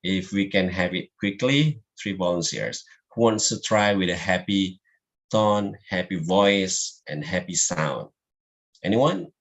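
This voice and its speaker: Guy teaching public speaking online, low voice, talks real slow, non-native english. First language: Indonesian. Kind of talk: online class presentation.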